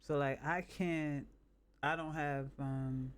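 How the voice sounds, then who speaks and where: A man from the northern United States, chatting casually on a live stream and thinking out loud in a halting, rambling way. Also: a little high, fairly even intonation, clear, resonant tone.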